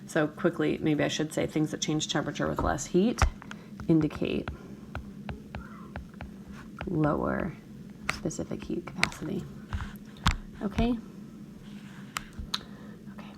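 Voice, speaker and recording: Her voice sits low and moves at a normal speed, broken by long pauses, as this woman teacher tackles a chemistry problem in a screencast lecture. She checks in with students often, sounds gravelly as if it's morning, and background noise is present.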